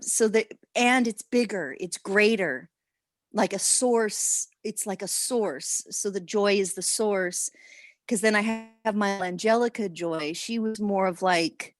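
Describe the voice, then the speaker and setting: A woman on a video call sharing a personal experience in a rambling, emotional way, halting often with restarts. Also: mid-range voice, dry recording, clean studio sound. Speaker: workshop participant.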